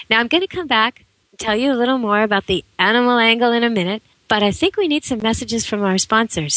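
A middle-aged woman from Canada hosting a radio show, telling stories in a chatty, animated way with frequent laughs. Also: mid-range voice, dry recording, poor audio. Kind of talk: casual chat on air.

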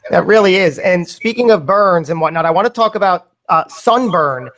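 A man hosting an interview, reading out viewer questions in an appreciative, slightly halting way. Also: high-pitched, lively intonation, a bit bright. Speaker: host.

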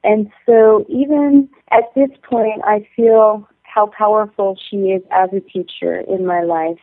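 A woman guest calling in to a talk show, speaking in a tender, heartfelt, gently halting way. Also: medium pitch, steady tone, no echo. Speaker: guest caller. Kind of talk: heartfelt radio call-in talk. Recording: tinny phone line.

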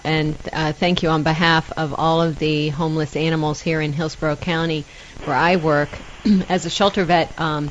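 A woman shelter veterinarian on a radio show, speaking in a soft, measured way. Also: fairly low pitch, highs cut off, a little hiss or hum. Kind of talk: radio interview.

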